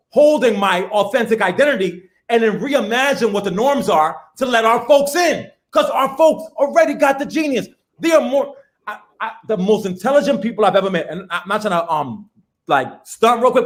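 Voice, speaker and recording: A man, a professor talking as a guest in a casual, animated, slangy way, laughing as he goes. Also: high voice, normal speed. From the Bronx, New York. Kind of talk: casual conversation.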